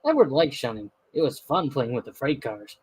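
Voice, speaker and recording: A man reading a children's storybook aloud, expressive and lively with small slips. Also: medium pitch, normal speed, slightly rough, dry recording, poor audio. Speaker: storybook narrator.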